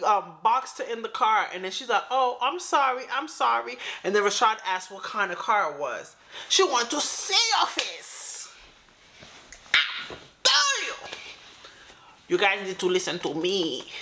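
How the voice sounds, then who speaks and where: A woman hosting a reaction video, her pitch swinging widely as she gives blunt, opinionated commentary. Her voice is bright and forceful, and she lectures the audience with emphatic warnings. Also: slight background noise. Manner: emphatic, opinionated, scolding the viewers. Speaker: reaction channel host.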